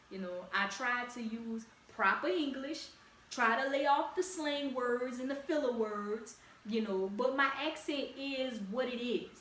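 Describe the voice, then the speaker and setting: A young woman with a heavy Louisiana accent talks straight to her listeners, encouraging and casual, with plenty of slang. Her voice sits a little high for a woman. She's a bit off-mic in an echoey room with faint ambient hiss. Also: fairly bright tone, distant mic. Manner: direct, encouraging, conversational with slang. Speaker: podcast host. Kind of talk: casual solo podcast talk.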